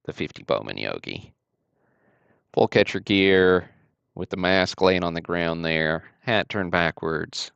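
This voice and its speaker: A man's voice: low-pitched, gravelly, a bit bright, no room sound. A man from Alabama, casually hosting a card-break livestream with easygoing, chatty commentary.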